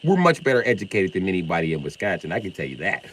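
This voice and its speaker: A middle-aged man from Illinois ranting on a live stream, confrontational and profane, swinging from loud outbursts to mock calm. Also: sits low, rapid-fire, slight background noise, poor audio. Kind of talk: heated live-stream rant.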